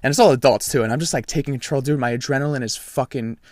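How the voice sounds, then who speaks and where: A young man telling a story in casual, animated chat, swearing freely and acting out what people said. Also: mid-range voice, fast talker, no echo, studio quality. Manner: animated, profane, reenacts dialogue.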